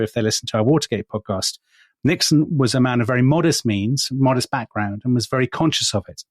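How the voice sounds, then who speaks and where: A man's voice: medium pitch, no echo. Wry man hosting a podcast. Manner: wry, teasing storyteller. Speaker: podcast co-host. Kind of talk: conversational history podcast.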